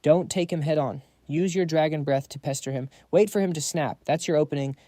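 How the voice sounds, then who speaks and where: A man's voice: on the high side, a little fast, dark tone, dry recording, clean studio sound, lightly acted. A man voicing a male advisor giving urgent tactical instructions. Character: calm strategic male advisor.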